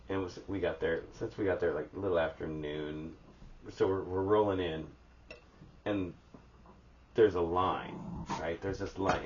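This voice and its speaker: Deep-voiced man telling a rambling story. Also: a little hiss or hum. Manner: laid-back, profane, rambling. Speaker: podcast co-host. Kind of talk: casual storytelling chat. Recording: slightly dull audio.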